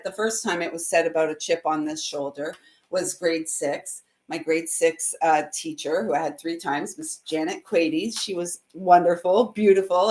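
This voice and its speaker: A woman hosting a spiritual card reading on a live stream, talking in a heartfelt, emotional way and laughing often. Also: lowish voice. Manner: swings between soft and loud. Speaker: intuitive reader and host.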